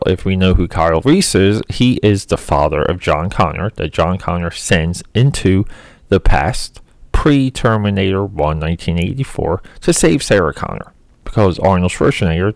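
In a dry recording, a man with a low voice and vocal fry gives casual, opinionated movie commentary. He rambles, filling his talk with "you know" and "like."

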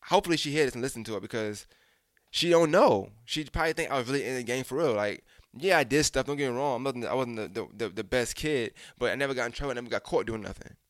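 A man's voice: medium pitch, quick pace, no echo, clean studio sound. A young man telling a personal story in a frank, casual way, swearing freely and speaking straight to his listeners. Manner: frank, profane, addresses listeners directly.

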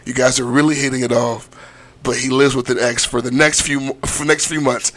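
Crude, laughing podcast co-host, bright voice. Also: male voice, medium pitch, steady tone, a little fast. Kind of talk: casual chat.

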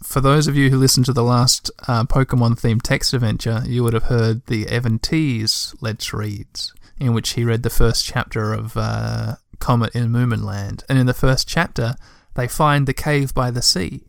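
A man's voice: mid-range voice, fairly even intonation, moderate pace, gravelly, hardly any pauses, no echo, clean studio sound. A man reading a children's book aloud, breaking off for chatty asides to listeners. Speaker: reader.

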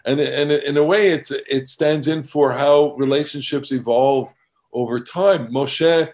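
A man discussing scripture in a group study, talking in a halting way with many restarts. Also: on the high side, fairly even intonation, darkish tone.

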